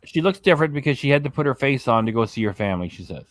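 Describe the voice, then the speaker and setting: A man's voice: medium pitch, expressive, rapid-fire. A man hosting a reaction channel, giving blunt, sarcastic commentary over clips and swearing freely.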